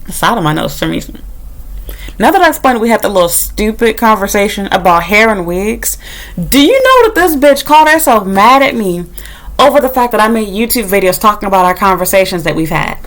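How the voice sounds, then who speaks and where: A woman's voice: medium pitch, big pitch swings, a little fast, fairly bright tone. Blunt, profane young woman ranting to camera. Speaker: vlogger. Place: indoors, talking to her own camera. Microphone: camera mic.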